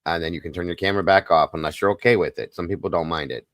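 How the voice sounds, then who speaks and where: A man hosting a live stream, talking softly and consolingly to viewers in the chat. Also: low voice, very fast, no echo, studio quality. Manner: soft, consoling, emotional. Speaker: livestream host.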